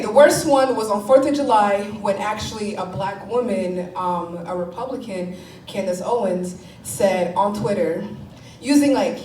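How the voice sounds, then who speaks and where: A woman performing a stand-up comedy set, animated and laughing often, swearing and mocking what people say. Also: medium pitch, reverberant, distant mic, a little hiss or hum, poor audio.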